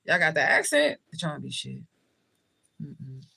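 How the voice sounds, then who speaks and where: Her low-pitched voice is sing-song, creaky, sharp in tone and slightly rough, moving at a moderate pace. An American spiritual reader hosting a livestream, she casually answers viewer comments with blunt, heavily profane jokes and plenty of laughter.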